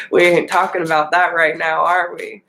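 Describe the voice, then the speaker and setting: A woman's voice: lowish voice, gravelly, fairly bright tone, a little hiss or hum, rough recording. A woman giving an earnest, emotional tarot reading and talking straight to her viewers. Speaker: tarot reader.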